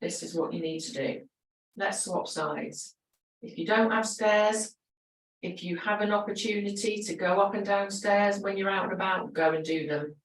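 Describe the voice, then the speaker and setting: A woman fitness instructor talks her class through gentle moves with an encouraging, chatty manner. Her voice sits at a middle pitch and comes from some way off the mic. The room around her gives a clear echo. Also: moderate pace, recorded from a distance, a little hiss or hum. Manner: encouraging, chatty, laughs often. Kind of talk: guided exercise class. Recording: roomy echo, voice from away from the mic.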